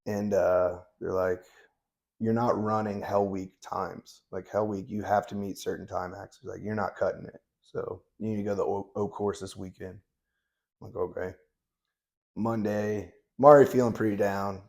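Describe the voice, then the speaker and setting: Man, thirties, gravelly, flat delivery, blunt and profane, relaxed storytelling. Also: fairly low pitch, moderate pace. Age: 30s. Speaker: guest. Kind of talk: casual interview storytelling.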